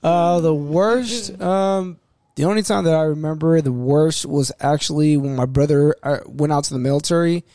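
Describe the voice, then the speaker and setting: A man telling a rough story in casual group chat, frank and profane. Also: a little high, moderate pace, warm tone, no echo. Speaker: podcast guest telling a story.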